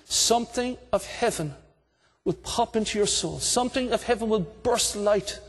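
A man preaching an impassioned evangelistic sermon, calling out and shouting to a congregation. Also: high-pitched, normal speed, slightly rough. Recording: long hall reverb.

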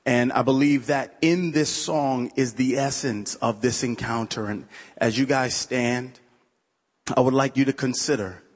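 Husky-voiced man preaching in a church. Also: medium pitch, steady tone, a little slow, long reverb tail. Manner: conversational storytelling, many "you know" asides. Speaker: pastor. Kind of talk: sermon testimony. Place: church sanctuary.

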